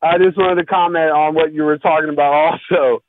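A man in his thirties calling in to a sports radio show, laid-back and quick to laugh, with a bit of wrestling-fan slang. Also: on the high side, fairly even intonation. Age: 30s. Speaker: caller. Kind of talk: call-in chat. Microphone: phone. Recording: phone line.

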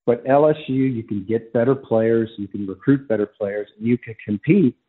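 Husky man on a tinny phone line. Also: medium pitch, normal speed. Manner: emphatic, argumentative analysis. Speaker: college football writer, phone-in guest. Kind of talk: sports radio phone interview.

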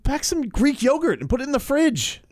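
A man co-hosting a casual sports radio show, riffing and joking in rambling, animated banter. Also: extremely high pitch, moderate pace, no room sound, clean studio sound.

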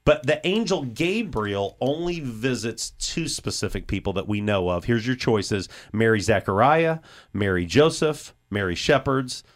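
A male radio host runs a quiz with his co-host, his pitch rising and falling a lot as he talks. He explains Bible and history answers at length in a chatty way. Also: expressive, measured pace. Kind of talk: casual chat, hosting a quiz.

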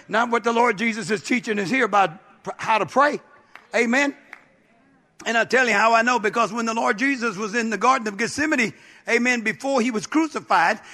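A man's voice: very high voice, vocal fry, sharp tone. A man pastor preaching a sermon with emphatic, repetitive call-outs to the congregation.

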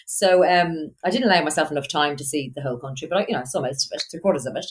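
Irish woman guest, Dublin accent, low-pitched, chatty storyteller, laughs easily. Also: animated, very fast, hardly any pauses, crowd noise. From Ireland. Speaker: guest, marketing business owner. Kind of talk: casual interview chat.

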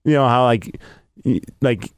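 A man co-hosting a casual podcast, telling a story with excitable, animated energy. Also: mid-range voice, measured pace, smooth, no room sound, clean studio sound. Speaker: podcast co-host. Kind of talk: casual chat.

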